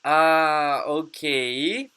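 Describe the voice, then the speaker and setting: A woman teaching English pronunciation in an online class, patient and encouraging, repeating words slowly. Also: low voice, a bit bright, clear, resonant tone.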